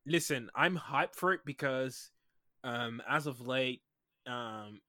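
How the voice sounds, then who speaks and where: A man's voice: mid-range voice, takes it slowly, bright, forceful tone, no room sound, studio quality. A man co-hosting a casual podcast, speaking earnestly and with emphasis, now and then hesitating. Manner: earnest, emphatic about sports, some hesitant fillers. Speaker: podcast co-host. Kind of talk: casual chat.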